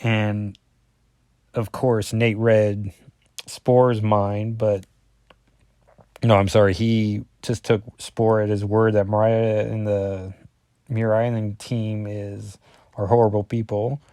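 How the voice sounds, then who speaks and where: A man's voice: lowish voice, flat delivery, slow, long pauses, mellow, no echo. Rambling man reviewing a comic. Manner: rambling, self-correcting, full of fillers. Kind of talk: casual commentary reading through a comic.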